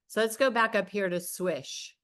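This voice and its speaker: A woman co-hosting a casual lesson, briskly moving the session along. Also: medium pitch, fairly bright tone. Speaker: co-host.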